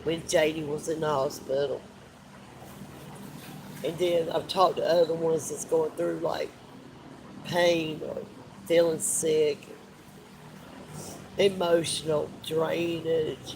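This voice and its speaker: A man's voice: a little high, little pitch movement, slow pace, gravelly, pauses often, background noise. A man, crying as he talks heartfelt and repetitive to viewers on a live stream. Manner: tearful, heartfelt, repeats himself. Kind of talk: emotional live stream talk.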